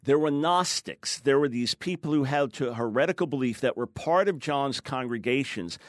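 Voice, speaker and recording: A man's voice: medium pitch, animated, dry recording, studio quality. A man, a guest author, teaching with emphasis in an interview and acting out quoted voices. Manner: emphatic, fast explaining, acts out quoted voices.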